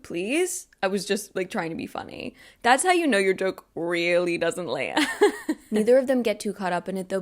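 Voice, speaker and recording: A young woman chatting through a book recap for her channel. Her voice sits at an ordinary middle pitch. She talks in a relaxed, playful way with wry, sarcastic asides.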